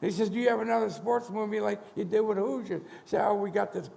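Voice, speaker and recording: Gravelly 70s man telling stories in a big hall. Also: sits high, fast. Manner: animated, acts out dialogue in quotes. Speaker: motivational speaker. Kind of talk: storytelling keynote on stage. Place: conference hall stage. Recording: large hall reverb.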